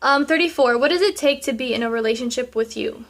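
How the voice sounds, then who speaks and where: A sassy young woman talks straight to her viewers and works through their questions one by one. Her voice sits a little high, and she speaks in loose, chatty bursts padded with "um" and "like". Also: quick pace. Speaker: vlogger answering viewer questions. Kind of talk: casual chat.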